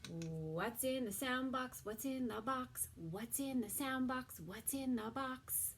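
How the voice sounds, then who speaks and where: A woman teaching a toddler circle-time lesson, drawing out words slowly and often dropping into a soft whisper. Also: sits high, a little hiss or hum. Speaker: preschool teacher.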